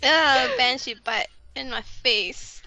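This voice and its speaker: A woman's voice: high voice, takes it slowly, vocal fry, pushed and bright, muffled recording. A woman chatting playfully with friends while gaming, laughing often. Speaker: gamer on voice chat. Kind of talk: casual chat while gaming.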